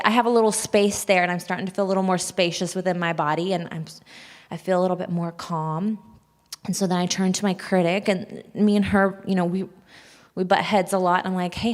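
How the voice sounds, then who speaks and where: A nervous, candid woman talks openly to a gathered audience, her voice a touch low for a woman. Her words ring out with a long hall reverb trailing behind them. She sounds shaky, yet she keeps going in a frank, confessional manner. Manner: open, confessional, breaks into nervous laughs. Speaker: speaker sharing a personal testimony. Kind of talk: candid personal talk to an audience. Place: large hall at a church event.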